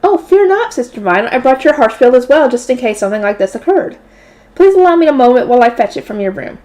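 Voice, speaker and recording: A woman voicing a gentle, polite young female shrine attendant in a light novel read-aloud. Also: fairly high pitch, big pitch swings, fast. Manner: polite and soft-spoken.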